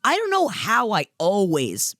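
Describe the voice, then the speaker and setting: A woman co-hosting a chatty podcast, her pitch swooping up and down as she gushes. She talks close to the mic in a dry, dead room, and slips into acted-out quotes. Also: a little slow, no room sound. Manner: animated, gushing, acts out voices. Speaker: podcast co-host. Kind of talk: casual chat.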